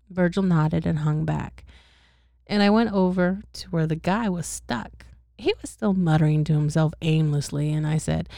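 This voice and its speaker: A woman reading a bedtime story aloud in a loose, casual way, with profane asides and laughs at her own stumbles. Her voice is low with a gravelly texture, recorded close and dry. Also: moderate pace, dark tone, no room sound. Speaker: reader.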